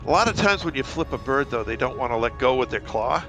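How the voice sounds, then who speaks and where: A man's voice: mid-range voice, lively intonation, fast, music in the background. A man chatting casually on a headset in a group voice chat, rambling with many fillers, a little tipsy and half asleep.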